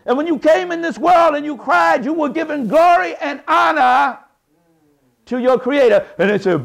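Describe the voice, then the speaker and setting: Man with a high voice, fiery preacher-style lecturer, folksy and emphatic. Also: animated, moderate pace, creaky. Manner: preacherly, rising to shouted emphasis; folksy, colloquial, with double negatives. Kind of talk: impassioned lecture to a live audience.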